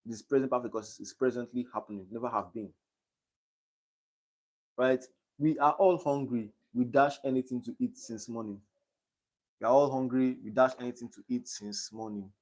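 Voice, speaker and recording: A man's voice: mid-range voice, normal speed, long pauses, a little mellow. Young man tutoring on a live stream. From Nigeria. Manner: reads quiz options aloud and checks understanding.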